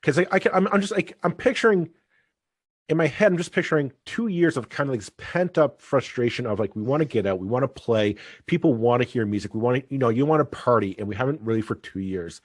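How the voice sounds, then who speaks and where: A man's voice: medium pitch, lively intonation, fast, no echo, studio quality. A man hosting a podcast, asking long, rambling questions with many restarts. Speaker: podcast host. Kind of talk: casual podcast interview.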